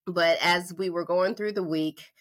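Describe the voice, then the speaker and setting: A woman in her forties from North Carolina, hosting a podcast and telling a story in a lively, conversational way, acting out the voices in her quotes. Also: on the low side, measured pace. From North Carolina, USA. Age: 40s. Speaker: podcast host. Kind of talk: casual storytelling monologue.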